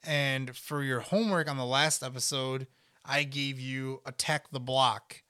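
A young man hosts a casual podcast with a bright, crisp voice. He talks easily and jokes around. His tone stays smooth and forceful. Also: medium pitch, unhurried, no echo, studio quality. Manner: relaxed, joking, talkative. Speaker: podcast host. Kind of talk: casual chat.

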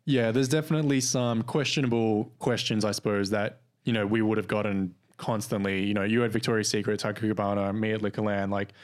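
A man with an Australian accent co-hosts a relaxed podcast chat. He tells stories from retail work, slipping into quick impressions of the customers and staff in them. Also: lowish voice. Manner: relaxed storytelling, acts out quoted customers. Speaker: podcast co-host. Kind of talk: casual chat.

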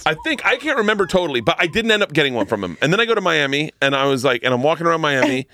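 A man's voice: a little high, big pitch swings, very fast, sharp tone. A middle-aged man, a comedian guest, telling stories in casual podcast chat, acting out quotes and breaking into big laughs.

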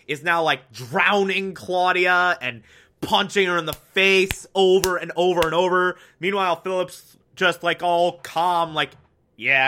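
A man giving a casual, animated TV episode recap, full of fillers and swearing, acting out characters' lines as he goes. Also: fairly high pitch. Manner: animated, swears, many fillers, acts out quotes. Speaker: TV show reviewer.

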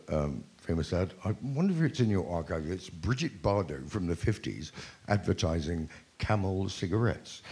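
A man hosting a chat show, animated and quick with asides. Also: low-pitched. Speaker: host. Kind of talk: casual chat.

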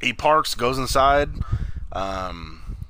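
A man's voice: medium pitch, expressive, drawn-out words, sharp tone, a little hiss or hum, poor audio. A man casually recapping a TV episode, rambling, cursing freely and acting out the characters' lines. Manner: rambling, swears a lot, acts out quotes. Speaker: podcast co-host.

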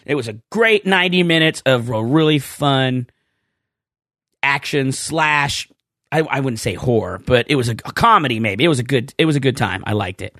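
A man's voice: medium pitch, moderate pace, dry recording. Rambling man on a dry podcast mic. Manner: rambling storyteller, animated when quoting people. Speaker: podcast co-host. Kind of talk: casual chat.

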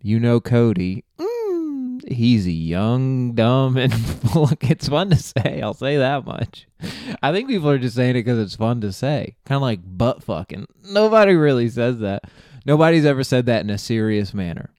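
A man's voice: mid-range voice, big pitch swings, normal speed, a little mellow, no echo, studio quality. A young man hosting a podcast, rambling through a comic story and laughing at his own jokes. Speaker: podcast host. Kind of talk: casual comedic monologue.

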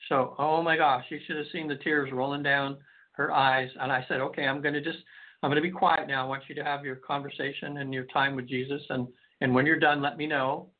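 A man's voice: medium pitch, little pitch movement, brisk. Guy on a narrow phone line rambling thru a story, lots of ums and restarts, hypnotherapist guest. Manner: rambling, many restarts and fillers. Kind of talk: storytelling in a call-in radio interview.

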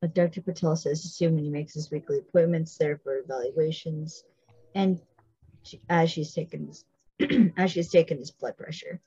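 A woman's voice: low voice, steady tone, moderate pace, mellow, breathy edge, no echo, highs cut off. A woman hosting a podcast, recapping a TV episode in casual chat and stopping to explain details with asides. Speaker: podcast host.

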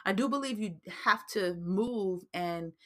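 A woman's voice: mid-range voice, unhurried, fairly bright tone. A woman from New Jersey with a New Jersey accent, hosting a casual faith-based advice podcast in a chatty way that repeats itself. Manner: chatty, repeats herself, frequent fillers. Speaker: podcast host.

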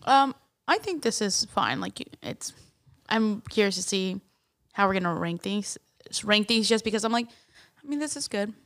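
Female co-host, mid-pitched, casual tasting chat, hesitant delivery. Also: expressive, moderate pace, a bit bright. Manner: easygoing, hesitant, lots of fillers. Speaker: podcast co-host.

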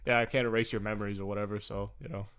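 A man's voice: lowish voice, steady tone, very fast, a bit bright, clear, resonant tone. A young man co-hosting a podcast, rambling casually with many fillers and frequent laughter. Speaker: podcast co-host. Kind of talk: casual chat.

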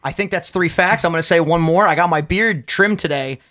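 A man's voice: a little high, fairly quick. A young man co-hosting a podcast, telling stories with lots of laughter and swearing. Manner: animated, profane storyteller who laughs a lot. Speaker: podcast co-host. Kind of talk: casual podcast banter.

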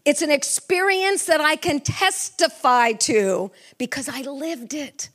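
Middle-aged woman, preacher, high voice, fervent sermon, questions to the congregation. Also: takes it slowly, fairly bright tone.

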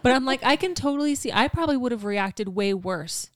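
A woman's voice: fairly high pitch, animated, brisk, crowd noise. A woman in her thirties from Utah, co-hosting a casual chat podcast and telling stories with frequent laughter. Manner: laughs often, storytelling, self-mocking. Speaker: podcast co-host.

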